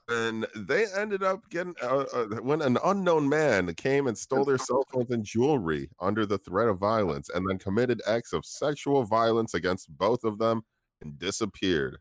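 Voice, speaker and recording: A man's voice: mid-range voice, lively intonation, a little slow, dry recording, clean studio sound. A young man co-hosting a podcast, telling a story casually with lots of swearing, laughing and filler words. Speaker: podcast co-host. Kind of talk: casual crude podcast banter.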